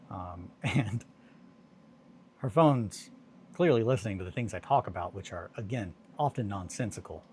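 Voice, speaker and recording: Rambling low-voiced man streaming a hobby. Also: a little mellow, a little hiss or hum. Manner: rambling, joking, mutters to himself while working. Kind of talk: casual live-stream chat while crafting.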